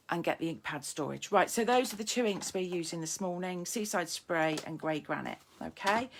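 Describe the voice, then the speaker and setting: A woman's voice: lowish voice, slight background noise. A middle-aged woman running a live card-making demo, chatting and poking fun at herself while she greets viewers and works at her desk. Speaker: papercraft demonstrator.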